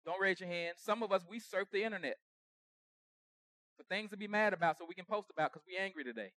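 A man preaching a conversational sermon with humor, acting out everyday quarrels and swinging from soft asides to shouts. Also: high-pitched, fast talker, no echo, clean studio sound.

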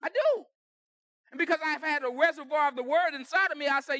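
High-voiced pastor preaching with loud bursts. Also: male voice, fairly quick, no room sound, studio quality. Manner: conversational preaching with sudden loud bursts and dropped asides. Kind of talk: sermon. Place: church sanctuary.

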